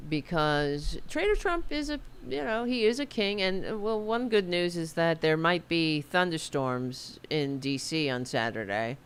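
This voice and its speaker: Her voice is low and smooth: a middle-aged New Yorker hosting a political livestream. She talks in a rambling, profane, easygoing way, clearly a bit self-conscious about her hair.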